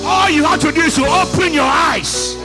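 A man preaching a Sunday sermon, shouting with emphasis and acting out a story with people from the congregation. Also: very high-pitched, moderate pace, over music. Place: church.

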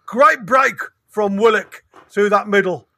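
A man giving excited, partisan live match commentary, his voice going hoarse. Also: high-pitched, no room sound. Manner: excitable, rapid, restarts sentences. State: losing his voice. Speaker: fan commentator.

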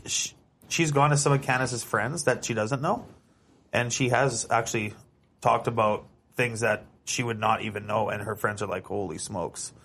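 A man hosting a casual podcast chat, spinning a personal story with lively asides. His voice sits at an ordinary middle pitch. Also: normal speed, a little hiss or hum. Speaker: podcast host.

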